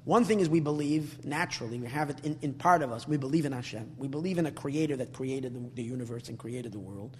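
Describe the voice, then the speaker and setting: A man's voice: mid-range voice, fast, few pauses. Earnest man teaching Torah in a reverberant hall. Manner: earnest, repeats words while searching, mixes Hebrew terms. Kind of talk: Torah class sermon. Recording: long reverb, faint hum.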